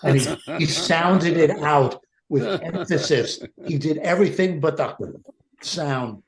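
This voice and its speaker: A man's voice: fairly high pitch, takes it slowly, slight background noise. Male panelist, ironic storyteller, roomy echoey home audio. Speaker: comedy panelist. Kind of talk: casual anecdote telling. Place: home, on a video call.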